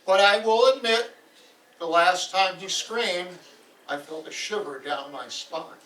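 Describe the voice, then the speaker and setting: A man's voice: sits high, takes it slowly, pushed and bright, far from the mic, a little hiss or hum, full character voice. A man voicing a stubborn, fearless Icelander warrior who asks blunt questions, heard from across a roomy hall. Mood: bold.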